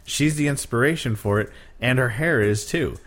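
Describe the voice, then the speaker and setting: Man telling an animated anecdote. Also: mid-range voice, normal speed. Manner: lively anecdote teller, acts out quoted lines. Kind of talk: casual chat.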